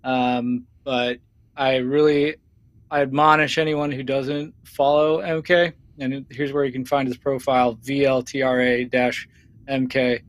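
A man co-hosting a podcast, talking in a relaxed, halting way with many fillers. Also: mid-range voice, dry recording. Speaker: podcast co-host. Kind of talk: casual chat.

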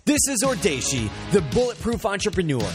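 A man doing a big, hyped show announcer with a high, swooping voice. He booms the intro over loud music. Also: sing-song, a little fast. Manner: hyped, booming announcer delivery.

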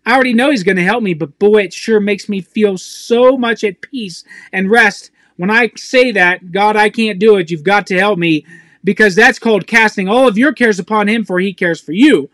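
Intense male preacher, very high bright voice, dry close sound, raw and pleading. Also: dry recording. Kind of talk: emotional sermon to camera.

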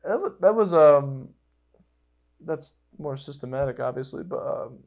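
A young man hosting a podcast in casual chat, rambling and excitable, with lots of fillers and swearing. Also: fairly high pitch, unhurried. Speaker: podcast host.

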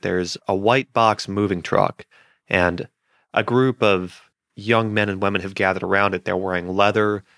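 A man's voice: lowish voice, fairly bright tone, clear, resonant tone, no echo, clean studio sound. A man running a tabletop game as game master, describing scenes with jokey asides.

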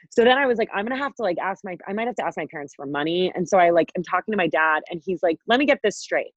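A podcast co-host in her twenties recounts a story during casual chat, rambling, using profanity, and leaning heavily on fillers like "like." Her voice is medium in pitch, and the podcast recording is dull and dry.

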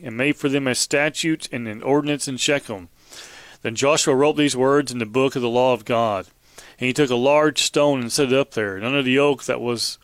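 A man's voice: mid-range voice, no room sound. Male preacher, verse-by-verse teaching, plain explanatory delivery, mid-range voice, dry close recording. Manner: reads scripture aloud then explains it plainly, with frequent restarts.

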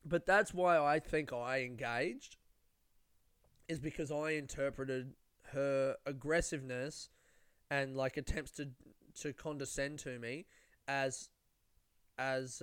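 In a clean studio recording with no room sound, a young Australian comedian hosting a laid-back chat rattles off sweary, meandering stories at his own expense. His voice is mid-range and a bit bright.

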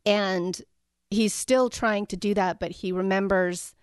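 A woman's voice: medium pitch, steady tone, measured pace, clear, resonant tone, no room sound, studio quality. A woman co-hosting a casual book podcast, retelling scenes with a few fillers as she hunts for a passage. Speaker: podcast co-host.

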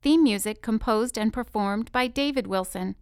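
A woman's voice: on the high side, moderate pace, a little mellow, clean tone. A woman host reading podcast announcements and credits in an upbeat way. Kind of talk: scripted announcement. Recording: voice over music.

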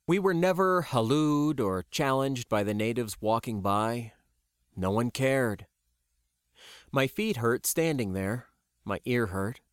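A man narrating a science-fiction audiobook in a measured, even storytelling voice. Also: lowish voice, no room sound, studio quality.

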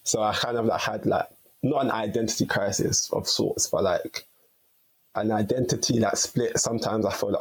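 A young man, a podcast guest telling stories in a relaxed, chatty way. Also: on the low side, normal speed, breathy edge, poor audio. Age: young adult. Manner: chatty and relaxed, heavy use of "like". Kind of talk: casual storytelling chat.

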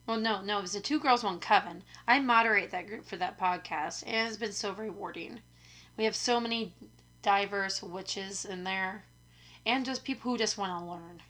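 A young woman hosting her podcast, talking in a hoarse, raspy voice, chatty and self-deprecating, rambling from one point to the next. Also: medium pitch, pushed and bright. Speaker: podcast host. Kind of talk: casual chat. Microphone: studio microphone.

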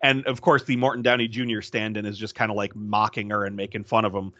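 A man's voice: lowish voice, fast talker, dry recording, highs cut off. A man co-hosting a podcast, animatedly retelling a movie's scenes and acting out bits of dialogue. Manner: animated retelling, acts out lines, laughs often. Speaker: podcast co-host. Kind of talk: casual film recap chat.

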